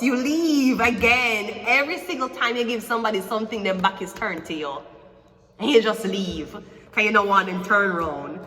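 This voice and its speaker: A woman's voice: mid-range voice, sharp tone. A woman giving a casual tarot reading in a playful, teasing and rambling way, with frequent swearing. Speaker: tarot reader. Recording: echoey room with long reverb.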